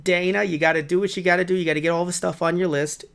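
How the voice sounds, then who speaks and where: A man's voice: high-pitched, fairly even intonation, racing, gravelly, a bit bright, smooth, voice pushed up. A man voicing a chatty, fussy female spider, in a raised, sing-song voice.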